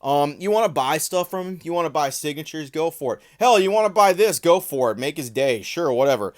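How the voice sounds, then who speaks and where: Male vlogger, slightly high voice, sarcastic and profane, casual commentary. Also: lively intonation, brisk. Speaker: trading card commentator.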